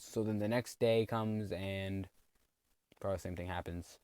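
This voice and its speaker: A man's voice: sits low, steady tone, moderate pace, a little mellow, smooth, no echo. A man giving a rambling comedic recap of a cartoon plot, full of snarky asides. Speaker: video narrator.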